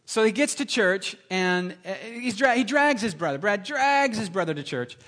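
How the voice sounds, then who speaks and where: A middle-aged man preaching a sermon, telling stories with lively, animated delivery and acting out other people's voices. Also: moderate pace. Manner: animated storytelling, acts out voices with big pitch jumps. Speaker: pastor.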